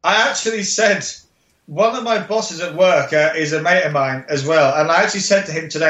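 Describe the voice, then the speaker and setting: A man co-hosting a podcast, trading blunt jokes and quick asides. His voice is high and bright, and it is recorded in an echoey room. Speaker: podcast co-host. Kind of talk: casual chat.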